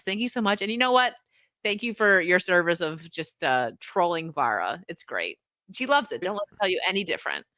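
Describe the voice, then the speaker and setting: A chatty American woman hosting a podcast, giggling often as she talks. Her voice is very bright and sharp, recorded dry and close. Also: fairly low pitch, sing-song, fairly quick, dry recording. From USA. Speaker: podcast host. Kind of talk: casual chat, reading out member messages.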